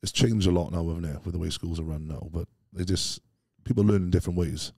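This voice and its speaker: Fast-talking deep-voiced man. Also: steady tone, vocal fry, darkish tone, no echo, clean studio sound. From Wales. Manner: chatty, laughs often, says "mate" a lot. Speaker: guest, strongman and former soldier. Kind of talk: casual interview chat.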